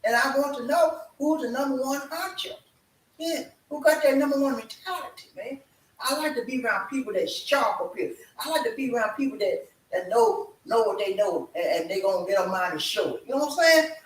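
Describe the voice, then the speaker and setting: An energetic show host speaks in a very high voice at a brisk clip, hyping up his viewers with a bright, forceful edge during a casual live chat from a room at home. He sounds distant from the mic, with echoey room sound and faint background noise.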